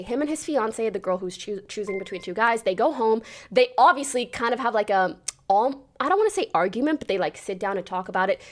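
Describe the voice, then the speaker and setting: A woman with a slightly high voice hosts a casual livestream and talks straight to her viewers. She tells the story in an animated way, swears freely and slips into quoted lines as she goes. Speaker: livestream host.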